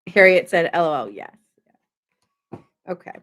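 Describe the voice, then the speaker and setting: A woman's voice: on the low side, lively intonation, measured pace, fairly bright tone, a little hiss or hum. A woman giving a casual live-stream tarot reading, chatty and rambling, thanking viewers as she goes. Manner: chatty, rambling, reads chat aloud. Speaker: tarot reader.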